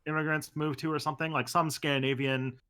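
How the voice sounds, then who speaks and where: A man with a bright, forward voice chatting on a podcast. He throws in quick, joking asides. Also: on the high side, flat delivery, clean tone. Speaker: podcast guest. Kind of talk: casual chat.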